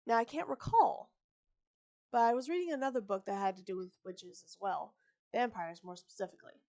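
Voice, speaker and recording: On a live stream, a woman with a mid-range, somewhat mellow voice reads a story aloud fairly quickly. She's chatty and digressive, breaking off often for casual asides, stumbling over words and correcting herself.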